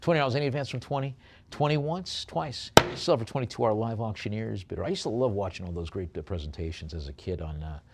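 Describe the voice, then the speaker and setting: An older man with a New York accent running a live auction, calling bids quickly and dropping joking asides between lots. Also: lowish voice, noisy background. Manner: chatty, joking asides between rapid bid calls.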